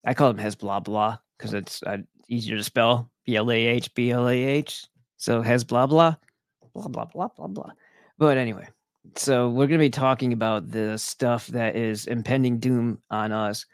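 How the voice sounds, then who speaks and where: A man's voice: medium pitch, fairly even intonation, moderate pace, smooth, no echo. A man hosting his own online show, ranting to viewers in a profane, sarcastic, rambling way. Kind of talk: casual rant to viewers.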